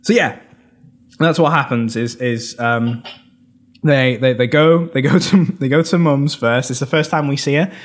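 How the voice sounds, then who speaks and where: British guy rambling through a movie recap on a podcast, laughs a lot, keeps restarting, mid pitch. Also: unhurried. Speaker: podcast co-host recapping a film. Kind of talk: casual film podcast chat.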